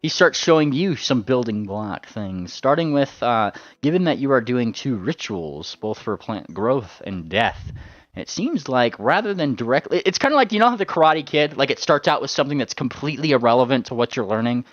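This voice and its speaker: A man's voice: medium pitch, animated, moderate pace, no echo. A man running a tabletop game as game master, rambling with lots of fillers and repeated words. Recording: dull lo-fi sound.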